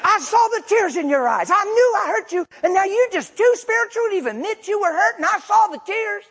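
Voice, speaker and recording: A preacher voicing an angry woman coworker, shrill and accusing as she scolds. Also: expressive, a little fast, a bit bright, heavily acted.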